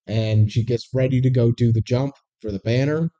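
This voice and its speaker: Dry, sarcastic movie recapper with a mellow voice. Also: mid-range voice, steady tone, moderate pace, dull audio. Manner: dry, sarcastic narration of the plot. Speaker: podcast co-host. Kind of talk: casual movie recap chat.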